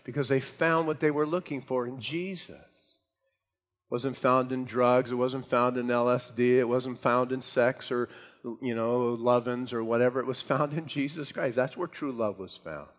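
A man's voice: medium pitch, fairly even intonation, moderate pace. A man preaching a sermon to a congregation, with emphatic, rising delivery. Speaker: pastor. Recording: hall reverb.

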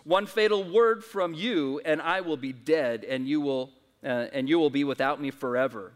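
Storybook creature in a sermon: man doing a wheedling male lizard, raised pitch, hall echo. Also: moderate pace, close to an everyday voice. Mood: pleading. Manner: wheedling, pleading. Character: sly pleading male red lizard, clingy. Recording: reverberant church hall.

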